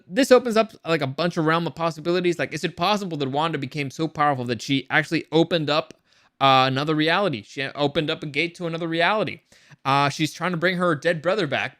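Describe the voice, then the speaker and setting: Male reviewer, casual and speculative, restarts often; pitched a bit high, with a bright, sharp tone. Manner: rambling, many restarts and repeated words; excited, speculative. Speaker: show reviewer.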